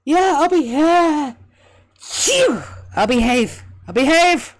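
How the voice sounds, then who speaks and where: A woman's voice: high voice, animated, slow, voice pushed up. Woman doing a yelping, squealing young man. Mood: pained yelping. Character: loud whiny young man who yelps and sneezes.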